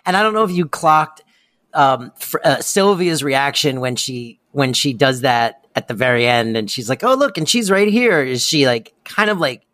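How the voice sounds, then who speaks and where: Relaxed, amused podcast co-host. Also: medium pitch, normal speed. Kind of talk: casual chat recapping a TV episode.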